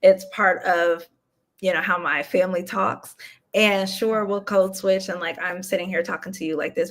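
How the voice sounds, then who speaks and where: A young adult woman from the US Midwest, an author chatting casually in an interview, relaxed and laughing often. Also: mid-range voice, normal speed. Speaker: author guest.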